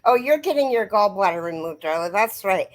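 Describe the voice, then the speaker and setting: A woman's voice: medium pitch, expressive, brisk, poor audio. Chatty middle-aged woman hosting a crochet stream. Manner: chatty, rambling, talks straight to viewers by name. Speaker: crochet livestream host. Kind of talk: casual live chat reading comments.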